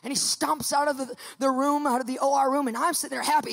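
A woman preaching, telling her own story to a congregation with lively, acted-out quotes. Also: high voice, fast talker, creaky, long reverb tail, slight background noise. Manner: animated storytelling, acting out quotes. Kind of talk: testimony sermon to a live audience.

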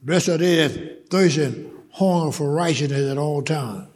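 A man preaching a sermon in church, shouting and laughing as he urges the congregation to laugh along. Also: fairly high pitch, measured pace, slightly rough. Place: church service. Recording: live in church with crowd noise.

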